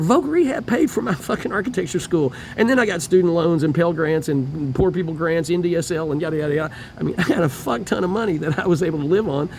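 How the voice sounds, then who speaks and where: A middle-aged man in a homeless shelter rants bitterly and profanely to the camera, laughing as he airs his grievances. His voice is high and gravelly, with slight background noise.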